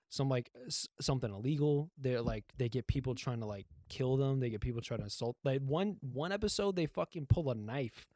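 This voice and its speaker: A man's voice: medium pitch, a little mellow, no room sound, clean studio sound. A young man co-hosting a podcast, recapping a show in a rambling, profane way and acting out the lines he quotes. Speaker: podcast co-host. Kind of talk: casual chat, recapping a TV show.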